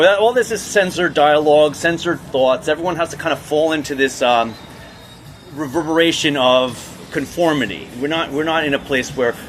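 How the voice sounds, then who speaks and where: A man delivering a heated political rant, talking in fits and starts with many repeated words and restarts. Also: a little high. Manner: heated, repetitive restarts and stammers. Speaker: political commentator. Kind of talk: ranting monologue.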